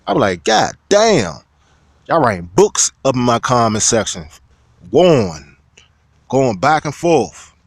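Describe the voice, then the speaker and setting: A man talking straight to his viewers as a video commentator, loud, profane and preachy. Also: medium pitch, sing-song, measured pace, no room sound, studio quality. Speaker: YouTube commentator. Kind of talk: casual vlog rant.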